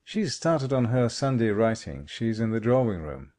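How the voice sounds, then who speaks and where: A woman's voice: extremely low pitch, sing-song, normal speed, mellow, pitched below the performer's own voice. A woman reading an audiobook, voicing a cheerful, breezy young Englishman who is someone's brother. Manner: breezy and jolly.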